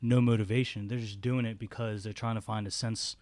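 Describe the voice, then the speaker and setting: A man's voice: fairly low pitch, level tone, a little fast, a little mellow, dry recording. Earnest man explaining in casual chat. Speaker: podcast co-host.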